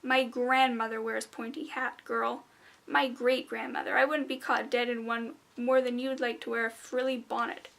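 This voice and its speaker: A woman voicing a gruff little gnome woman customs agent with a grumbly, gravelly voice. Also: a little high, flat delivery, moderate pace, fairly bright tone. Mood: boastful.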